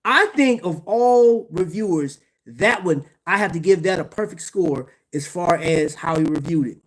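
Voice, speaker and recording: A watch channel host with a high voice runs a casual livestream about watches, animated but unhurried. He talks in slang, laughs a lot, and speaks to his chat.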